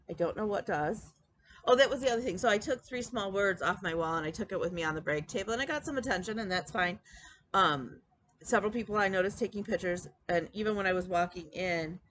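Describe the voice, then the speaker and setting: This cross-stitch vlogger has a lowish, slightly bright voice, with a little hiss or hum on the recording. Chatting casually as a flosstube host, she tells stories full of quoted dialogue and filler words.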